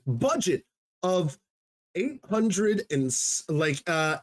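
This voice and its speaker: An Australian man co-hosting a casual film podcast, delivering facts with slow dramatic pauses. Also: a little high, no echo. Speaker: podcast co-host.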